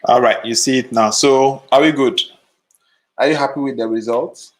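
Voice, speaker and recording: A man's voice: medium pitch, normal speed, rough recording. A man hosting a live photo retouching stream, chatting casually with viewers while sleepy and yawning. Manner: relaxed, sleepy, talks to chat viewers. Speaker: photo retouching livestream host. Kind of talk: casual livestream chat.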